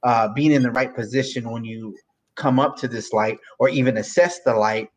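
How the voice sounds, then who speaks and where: A man's voice: medium pitch, steady tone, normal speed, poor audio. A man co-hosts a casual podcast conversation in a mid-range voice. He talks in an easygoing, joking way and tends to ramble as he explains things. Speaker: podcast co-host. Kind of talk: casual chat.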